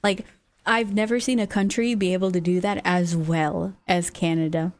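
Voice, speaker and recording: A woman's voice: lowish voice, fairly even intonation, normal speed, a little mellow. A woman streaming live, chatting casually and reacting to her chat's messages. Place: lives in the United States.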